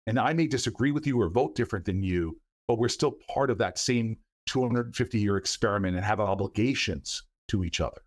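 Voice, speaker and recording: A man's voice: lowish voice, fairly quick, hardly any pauses. A middle-aged man, a senator, answering interview questions earnestly, often repeating words as he goes. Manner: earnest, stumbles and repeats words, acts out quoted voices. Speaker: senator and book author, guest.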